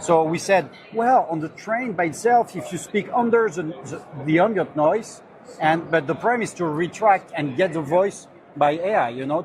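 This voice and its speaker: A man representing a company, earnestly explaining his product in a slightly halting way on a trade show floor. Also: on the high side. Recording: loud crowd chatter behind.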